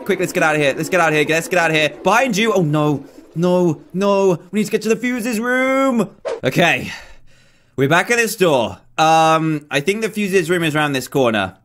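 A man with a fairly high voice hosts a game video, nervously talking himself through a horror map. He sounds jumpy and fidgety throughout, and there is a faint hiss behind him. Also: expressive, moderate pace, a bit bright. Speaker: gaming video host.

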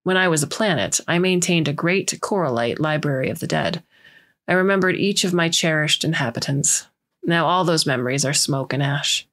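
Woman, story narrator, low pitch, measured scripted reading. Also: fairly bright tone. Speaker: story reader.

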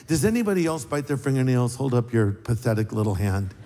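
Joking preacher man in a reverberant hall. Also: a little fast. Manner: conversational, joking preacher with lively pitch swings. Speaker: pastor. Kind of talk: sermon. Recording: live sermon with long hall reverb.

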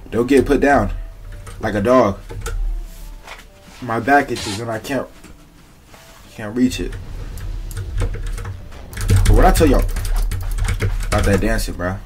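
A young man streaming a game, trash-talking in casual slang and talking to his chat. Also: mid-range voice. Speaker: gaming streamer. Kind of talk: casual gameplay commentary.

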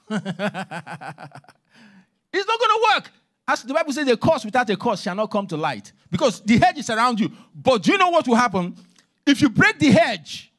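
A man preaches a sermon in a church, his voice set high and leaping across a wide, animated range. He drives points home emphatically, then sinks into hushed asides. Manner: emphatic preaching, swings between loud and hushed. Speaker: minister.

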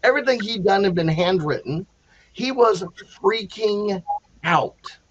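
Animated storytelling man, high voice. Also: a little slow, no echo, muffled recording. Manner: animated, acts out quotes, many restarts. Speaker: panel guest telling a story. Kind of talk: casual storytelling.

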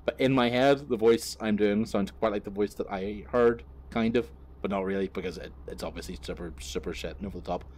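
A man's voice: fairly low pitch, brisk, hardly any pauses, darkish tone, a little hiss or hum. A man rambling through a story while driving his truck, swearing and laughing at himself. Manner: swearing, self-mocking, rambling with many fillers. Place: inside a truck cab on the road.

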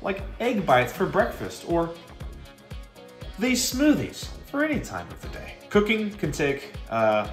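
A man's voice: on the high side, wildly swooping pitch, unhurried, reverberant, soft background music. A man reading a sponsor segment in a joking, self-mocking way. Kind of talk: sponsor read.

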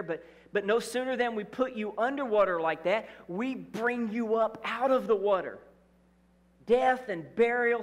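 A middle-aged male pastor preaching in a church sanctuary, his voice sitting high for a man. He is earnest and repeats his key phrases, slipping in playful asides. The sound carries a long hall reverb. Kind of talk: sermon.

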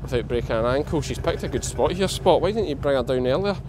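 A man's voice: medium pitch, animated, fast, background noise. A Scottish man, a sheep farmer, chatting casually to the camera while he works sheep with his dog on a hillside. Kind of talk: casual vlog narration while working. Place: outdoors on a farm hillside.

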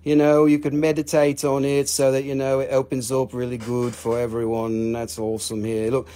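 A man's voice: medium pitch, monotone, moderate pace, dark tone. A man with an Appalachian accent hosting a live mineral sale, with rambling, joking, folksy patter. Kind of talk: casual live-stream sales patter.

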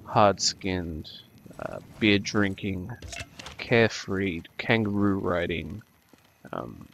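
A young man with an Australian accent talks casually over gameplay. His voice sits low and carries a gravelly fry, and he rambles with frequent ums and restarts. Faint noise hums behind him. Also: a bit bright. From New Zealand. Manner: hesitant, many ums and restarts. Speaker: gaming YouTuber.

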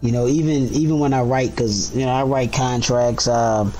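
Loud, profane man in casual chat. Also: mid-range voice, normal speed, slight background noise. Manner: loud, profane, animated storytelling. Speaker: podcast co-host.

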